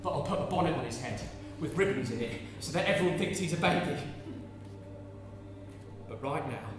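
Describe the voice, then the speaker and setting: A man's voice: a little high, expressive, normal speed, music in the background, natural voice. A man performing a distraught young peasant mother clinging to her baby, in a tender, cooing and fervent stage monologue. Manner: tender, cooing and fervent, bursting into shouted curses. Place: large theatre hall. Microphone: distant stage mic. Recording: echoey hall from far off.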